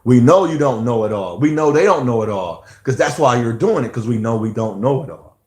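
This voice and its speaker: A man's voice: mid-range voice, expressive, brisk. Guy rambling on about parenting, preachy, echoey sound. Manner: rambling, preachy, with frequent restarts. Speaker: vlogger. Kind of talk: casual monologue on parenting. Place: outdoors near lawnmower noise.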